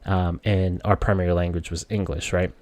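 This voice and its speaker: A man from the Philippines telling a personal story in a relaxed, conversational way, his voice jumping up when he quotes himself as a child. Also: low voice, normal speed.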